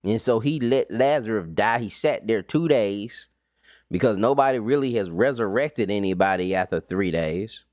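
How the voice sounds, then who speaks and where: A man's voice: on the low side, animated, normal speed, a little mellow, no echo, clean studio sound. A man teaching an informal Bible study recap, talking casually with slang and rhetorical questions.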